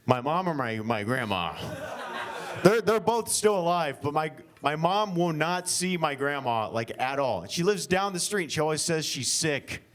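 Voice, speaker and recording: Young male comic from Oklahoma, slightly high voice, loose rambling improvised stand-up with lots of fillers. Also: lively intonation, normal speed, a bit bright. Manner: rambling, filler-heavy, self-deprecating. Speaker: stand-up comedian. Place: winery comedy show.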